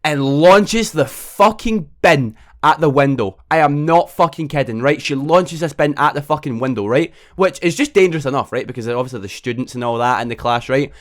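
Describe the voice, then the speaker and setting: A man's voice: fairly high pitch, expressive. A young man telling a storytime vlog, swearing a lot and tacking "right?" onto nearly every line. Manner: fast, sweary, constant tag "right?". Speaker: vlogger.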